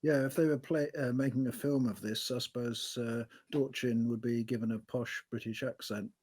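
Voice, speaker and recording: A man co-hosting a casual book discussion, speaking in a measured, thoughtful way. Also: medium pitch, fairly even intonation, a little mellow, slightly rough. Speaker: book podcast co-host.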